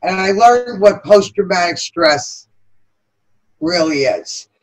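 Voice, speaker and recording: A middle-aged New York City woman with a New York accent answers interview questions earnestly but haltingly, with many pauses and fillers, about the veterans' chamber she co-founded. Her mid-range voice is expressive, and the recording is rough.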